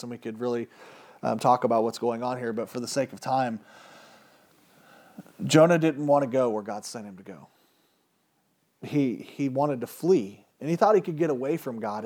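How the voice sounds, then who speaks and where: A man preaching a sermon, retelling scripture in a casual, slangy way with lively swings in pitch and loudness.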